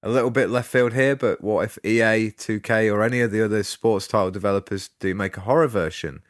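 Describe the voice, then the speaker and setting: A low-voiced male co-host with a dry, understated manner. The recording is close and dead, with no room sound at all. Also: fairly even intonation, brisk, no room sound. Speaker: podcast co-host. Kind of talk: casual podcast chat.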